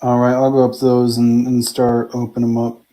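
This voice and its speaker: A man's voice: medium pitch, completely flat delivery, fairly quick, dark tone. A man playing a tabletop game, talking in a casual, blunt way with fillers. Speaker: player.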